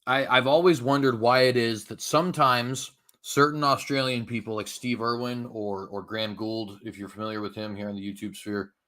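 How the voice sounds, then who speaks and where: A man hosting an online call-in chat, who throws in quick, chatty asides. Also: mid-range voice, fairly even intonation, fairly bright tone. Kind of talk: casual panel chat.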